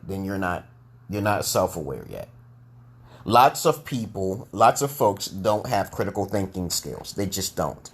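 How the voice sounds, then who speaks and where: A man's voice: on the low side, husky. A man with a New York accent hosting a rambling live monologue for his online group, tagging "okay?" onto his points and restarting sentences often. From Brooklyn, New York, USA.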